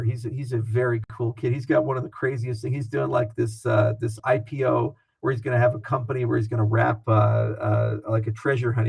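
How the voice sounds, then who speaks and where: A man speaking as an interview guest, talking fast and animated in a casual, profane way. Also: mid-range voice, vocal fry, breathy edge, low-quality recording.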